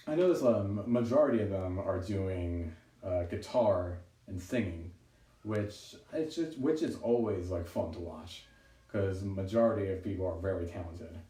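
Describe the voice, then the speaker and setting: A man's voice: lowish voice, mellow. A man doing a live-streamed stand-up monologue from home during quarantine, rambling and self-deprecating and laughing often at his own jokes. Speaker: stand-up comedian. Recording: roomy, distant home recording with faint noise.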